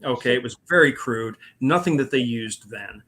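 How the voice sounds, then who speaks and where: A man's voice: mid-range voice, lively intonation, moderate pace, a bit bright. A man telling his own paranormal stories in a rambling way, with many fillers and restarts. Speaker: paranormal investigator guest. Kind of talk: casual storytelling.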